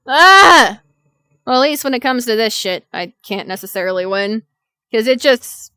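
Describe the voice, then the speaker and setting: Brief: exasperated young woman streamer, clear high voice, swears a lot while venting. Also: normal speed, sharp tone, dry recording, studio quality. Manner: exasperated, profane ranting. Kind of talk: venting live-stream chat.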